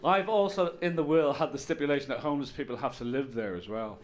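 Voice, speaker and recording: A man's voice: medium pitch, quick pace, a little hiss or hum. A man in his fifties with an Irish accent, performing a stand-up comedy routine with wry, rambling storytelling and playful asides. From Ireland. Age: 50s.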